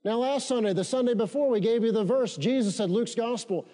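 Guy preaching a sermon, pretty high voice but mellow, keeps repeating lines and gets the church to say them back. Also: brisk. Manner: emphatic repetition, leads congregation in call-and-response. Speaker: pastor. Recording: long reverb of a church hall.

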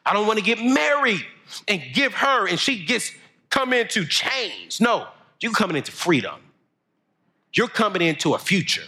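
Energetic young man preaching. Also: high-pitched, unhurried. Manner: storytelling, building to shouted emphasis. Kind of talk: motivational sermon.

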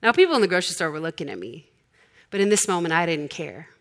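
A woman's voice: fairly low pitch, big pitch swings, quick pace, fairly bright tone. A woman in her forties preaching a sermon, telling stories in a conversational, humorous way.

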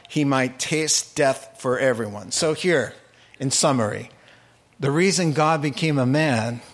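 A man preaching a sermon, telling the story with animated energy and humorous asides. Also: mid-range voice.

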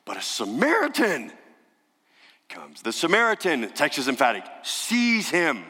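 A man preaching a sermon, telling a story emphatically and dropping to a hush for dramatic effect. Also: mid-range voice. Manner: dramatic, emphatic storytelling with sudden hushed drops. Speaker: pastor. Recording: long reverb of a large hall.

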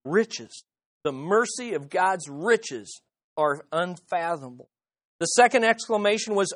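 A woman's voice: fairly low pitch, lively intonation, measured pace. A woman preaching a sermon, emphatic and leading the congregation in call-and-response.

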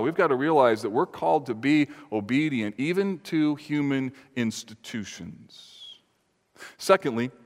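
A male pastor preaching a sermon, earnest and emphatic, rising for stress and dropping to near-confiding tones. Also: medium pitch. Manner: earnest, emphatic preaching with sudden lifts and drops. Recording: reverberant hall.

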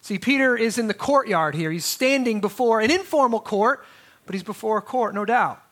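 Guy preaching a sermon, really high pitched and bright, talks it through casually, restarts a lot. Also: expressive, moderate pace. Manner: conversational preaching with restarts and asides. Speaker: pastor.

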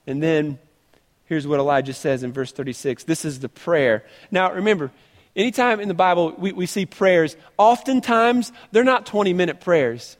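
A man preaching a sermon, reading scripture aloud and retelling it in an animated, conversational way with frequent restarts. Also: a little high, normal speed, long reverb tail.

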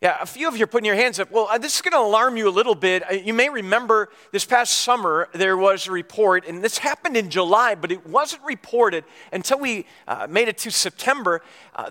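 A man's voice: sits high, sharp tone, in a large hall. A man giving a sermon, telling a personal story in a conversational way with many restarts and repeated words.

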